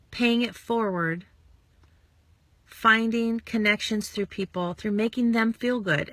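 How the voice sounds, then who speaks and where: A woman in her thirties giving a bubbly, chatty motivational talk to her followers as a sales coach, acting out quick bits of dialogue. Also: on the high side, bright, forceful tone, no room sound. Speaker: network marketing coach.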